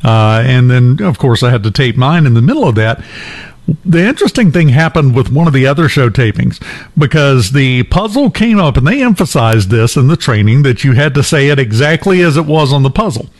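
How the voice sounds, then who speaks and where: A man's voice: medium pitch, animated, brisk. A man hosting a morning talk show, telling a long personal anecdote in a casual, chatty way with many fillers and restarts. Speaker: radio show host.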